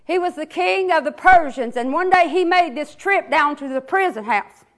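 A woman's voice: very high-pitched, fairly bright tone. A woman preacher who teaches children's church, telling a sermon story with repeated words and restarts.

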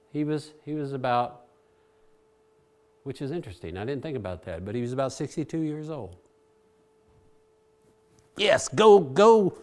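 A man preaching a Bible sermon in a chatty, animated way, swinging between loud and quiet. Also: medium pitch. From Virginia.

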